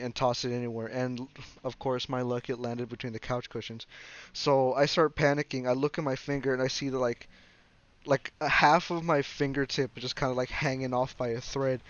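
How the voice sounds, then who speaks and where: A man's voice: mid-range voice, dull audio. Rambling young man telling a story. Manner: rambling, full of fillers and restarts. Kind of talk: casual story time.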